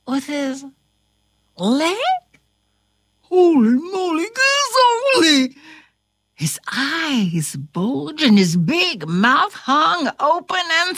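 A woman reading a fairy tale aloud with very expressive, dramatic delivery. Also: no room sound, studio quality. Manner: highly expressive, slow and dramatic. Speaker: storyteller. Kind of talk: storybook read-aloud.

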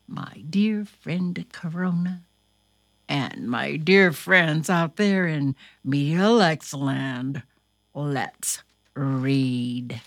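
A woman hosting a children's radio storytime, reading a picture book aloud in a slow, expressive manner. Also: sits low, dry recording. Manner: slow, expressive, lively sing-song.

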